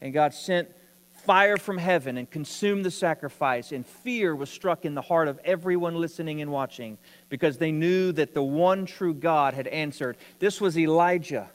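A man's voice: a little high, normal speed, long reverb tail. A man preaching a sermon, telling a story with rising emphasis.

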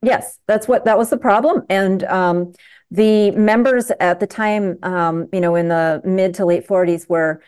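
A woman's voice: medium pitch, measured pace, a little mellow, clean tone. A middle-aged woman physician speaking as a guest in a casual interview, emphatic and passionate, often restarting her sentences.

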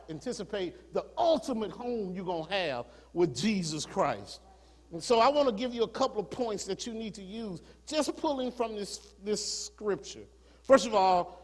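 A pastor delivers a sermon in a church, his fairly high voice ringing with a long hall reverb. He starts in an easy, conversational register and climbs into fervent, rising preaching. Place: church sanctuary.

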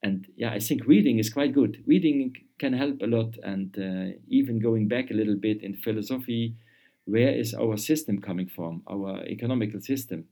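Halting man, low mellow voice. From Luxembourg. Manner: halting, repeats words while searching for phrasing. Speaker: guest. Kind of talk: conversational interview.

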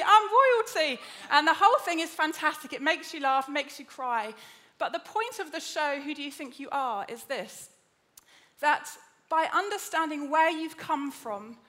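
A woman preaching a lively, chatty sermon in a church, joking with the congregation. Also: high voice. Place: church auditorium.

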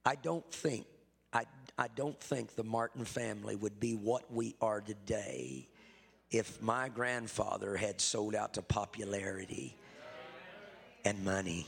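A middle-aged pastor tells his testimony at a church service, swinging from hushed to loud. His voice is gravelly and husky, and it rings in the long reverb of the sanctuary. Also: lowish voice, measured pace. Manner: emphatic storyteller, swings between loud and hushed. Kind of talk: sermon testimony.

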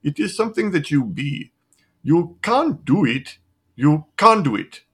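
A gently insistent spiritual teacher with a mock Indian accent, as a man puts him on, pitched well above his usual voice. He hands down each short maxim slowly and with weight. His voice sounds a little set back from the microphone. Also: sing-song, husky, full character voice. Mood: instructive.

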